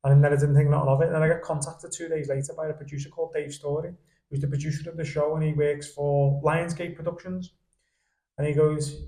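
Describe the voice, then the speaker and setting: A young man on a podcast, telling stories in a lively, animated way and laughing along as he goes. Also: a little high, fast, roomy sound. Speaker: podcast guest. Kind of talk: casual storytelling chat. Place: indoor podcast studio.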